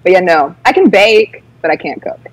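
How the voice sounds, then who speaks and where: A woman's voice: on the low side, lively intonation, normal speed, no echo, low-quality recording. A woman co-hosting a talk show, chatting in a self-mocking, chatty way. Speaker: co-host. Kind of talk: casual chat.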